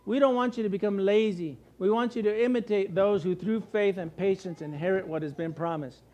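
A man's voice: high-pitched, a little fast, muffled recording. A middle-aged man from the United States preaching a sermon, posing questions and answering them himself, and acting out worried voices. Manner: animated, asks and answers his own questions, acts out worried voices. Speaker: pastor.

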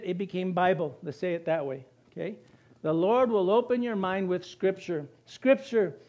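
High-voiced man preaching a sermon. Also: darkish tone. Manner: preaching with rhetorical questions to the congregation. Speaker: pastor.

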